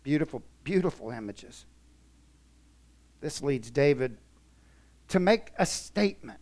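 A man preaching a sermon in a church, emphatic, swinging from soft to loud. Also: on the high side, animated, a little slow. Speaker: pastor.

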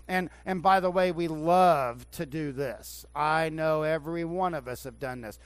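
A man preaching a sermon as pastor in a church, swinging between hushed talk and loud emphatic preaching. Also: fairly high pitch, a little slow, few pauses, clean tone. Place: church sanctuary.

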